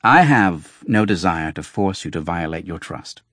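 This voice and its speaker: A sly, fox-faced doctor and traveling showman, voiced by a man in an audiobook, speaks with wry, mocking ease. The voice sits low and husky. The sound is close and dry. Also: lively intonation, measured pace, fairly bright tone, no room sound, full character voice. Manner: wry, mocking, flowing speech. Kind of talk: audiobook reading.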